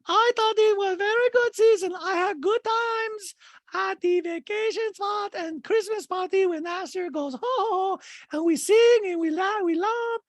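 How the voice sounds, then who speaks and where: A man putting on the voice of a lofty, formal woman reality star, slow and stiffly formal. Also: very high-pitched, no echo, clean studio sound, pitched above the performer's own voice.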